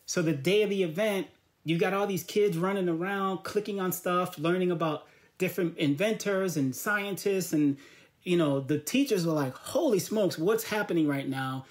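A man's voice: high voice, normal speed. A man chats as an interview guest, telling the story of his work in an easy, casual way. He slips into the voices of the people he quotes to bring the story to life. He sounds as if he is on a video call. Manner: lively storyteller who acts out quoted dialogue. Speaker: guest, artist and educator.

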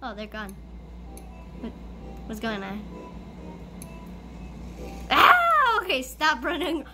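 A woman playing a school role-play game, talking excitedly through it and bursting into shrieks and giggles. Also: sits high, takes it slowly, over loud music. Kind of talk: playful gameplay commentary.

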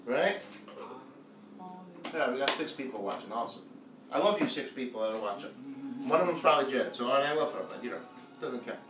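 A man chats and jokes with viewers as he cooks on a live stream in his home kitchen. His mid-range voice is expressive and a little fast, broken by long pauses. Background noise and faint music come through, and the distant mic picks up an echoey room.

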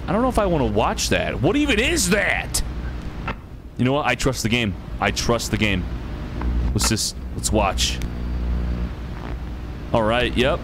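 Lively, swearing young man playing a game. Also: a little high, noisy background. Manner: excitable, swears freely, laughs often, reads game text aloud. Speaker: gaming streamer. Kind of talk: casual game commentary.

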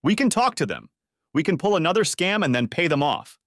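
A panicky young woman in over her head, as a male narrator puts her on, her voice pitched well up and pleading. She begs and argues in a frantic rush, in a dry, close storybook recording. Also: big pitch swings, a little fast, fairly bright tone, dry recording. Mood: desperate. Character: frightened young woman scammer, desperate.

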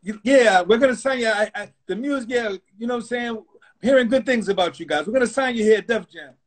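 A man putting on the voice of a loud, arrogant male record label executive, husky and brash. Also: very high voice, fast talker, voice pushed up. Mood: pushy. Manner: brash, dismissive and shouty.

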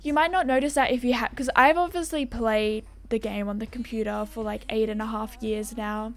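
A woman's voice: fairly high pitch, fairly even intonation, a little fast, faint music behind. A young Australian woman chatting casually as a gaming YouTuber, rambling and self-deprecating as she answers viewer comments.

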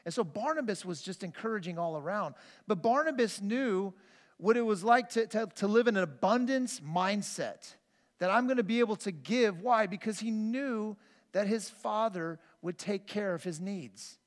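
In a church sanctuary with the long reverb of a big hall, a high-voiced male pastor gives a conversational sermon at normal speed. He's expressive and earnest, telling personal stories and often restarting his sentences.

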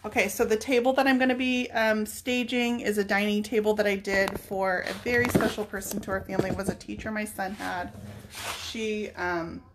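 A woman's voice: medium pitch, level tone, moderate pace, noisy background. Chatty woman painting furniture on camera. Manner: chatty, thinks aloud while working. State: tearful at times. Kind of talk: casual live painting demo.

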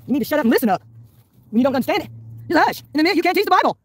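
Rapid preachy woman. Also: high voice, big pitch swings. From Mississippi, US. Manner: preachy, combative, scripture-quoting. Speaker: livestreamer. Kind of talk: ranting livestream talk. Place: hospital entrance, then a vehicle. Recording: noisy phone livestream.

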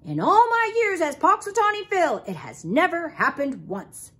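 A woman's voice: very high-pitched, very animated, normal speed, a bit bright, pitched above the performer's own voice, exaggerated voice. A woman voicing a grumpy, dismissive old male groundhog in a storybook read-aloud. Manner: grumbling, dismissive.

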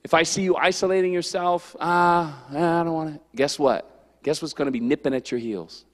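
Youth pastor, male, high-pitched, lively storyteller, echoing church hall. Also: a little fast. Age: adult. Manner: animated, storytelling with acted-out quotes. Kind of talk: youth sermon. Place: church sanctuary.

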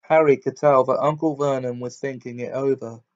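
A man reading a novel aloud as a steady audiobook narrator. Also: mid-range voice, normal speed, lo-fi sound. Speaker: audiobook reader.

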